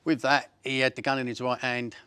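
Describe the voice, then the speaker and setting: A man's voice: medium pitch, level tone, a little fast, sharp tone, clear, resonant tone, no echo. A man, recounting a violent episode in blunt, coarse words. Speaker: interviewee.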